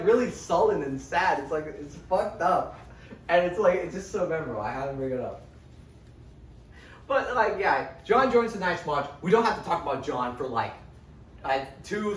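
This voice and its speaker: Young guy casually recapping books, fillers galore, slightly high voice, echoey distant mic. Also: slight background noise. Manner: rambling, animated, peppered with "like" and "right?". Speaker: lecturer.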